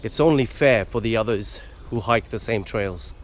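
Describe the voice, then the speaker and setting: Outdoors by a river, a hiking vlogger talks to the camera, earnestly ranting and urging viewers not to litter. His voice is lowish with a moderate pace, and there's slight background noise.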